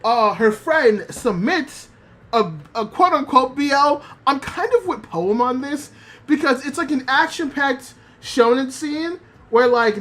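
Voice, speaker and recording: A woman streaming as a VTuber, chatting casually about anime with lots of swearing and fillers, reading chat messages aloud. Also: on the high side. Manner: animated, profane, rambling with many fillers.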